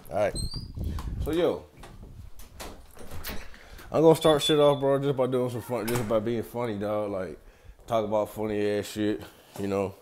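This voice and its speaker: Young guy vlogging, low voice, slangy and cussing a lot, just talking to the camera. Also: unhurried, pauses often, darkish tone, slight background noise. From Atlanta, USA. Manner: loose, slangy and profane, talks straight to viewers. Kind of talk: casual rambling vlog.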